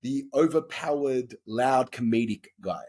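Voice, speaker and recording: A husky, slightly rough-voiced Australian man chatting as a podcast guest. He talks frankly and in loose, rambling stretches, dropping the odd swear word as he goes. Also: mid-range voice, measured pace, darkish tone. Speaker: guest actor. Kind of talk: casual podcast interview chat.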